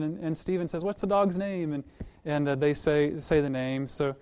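Animated storytelling male pastor. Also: a little high, brisk, few pauses, clean tone. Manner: animated storytelling, acts out quoted voices; conversational, repeats words as he restarts. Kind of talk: sermon with story and prayer.

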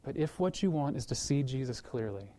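A male pastor preaching a sermon in a conversational way, telling a story with lively acted-out voices and repeating words as he restarts, then praying. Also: medium pitch, fairly quick, slight background noise. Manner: animated storytelling, acts out quoted voices.

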